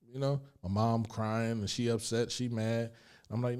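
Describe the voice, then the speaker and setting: A middle-aged man from Chester, Pennsylvania, a guest telling his life story candidly, emphatic and animated, full of street slang. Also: on the low side, fairly quick.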